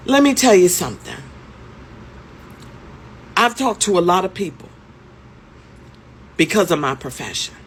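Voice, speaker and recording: A woman in her fifties with a lowish voice narrates a storytime vlog, speaking conversationally and with emphasis while tossing in plenty of rhetorical questions. There is slight background noise.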